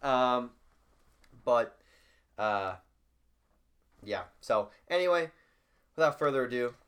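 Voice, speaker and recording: A man's voice: medium pitch, slow. A man co-hosting a casual sports podcast, rambling through stories with lots of fillers. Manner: rambling, filler-heavy, animated storytelling. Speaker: podcast co-host.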